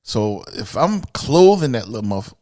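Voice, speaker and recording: A man holds forth in an opinionated podcast monologue, blunt and peppered with profanity as he lectures women directly. His voice sits at a middling pitch but leaps up and down expressively, jumping between loud emphatic bursts and quieter muttered asides. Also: very animated, measured pace. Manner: voice swings from loud outbursts to low asides. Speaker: podcast host.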